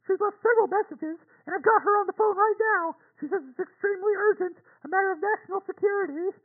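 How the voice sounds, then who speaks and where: A man's voice: very high voice, fast, voice pushed up. A man voicing a polite, apologetic female secretary speaking through an office intercom, deferential and hesitant. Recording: tinny phone-like intercom.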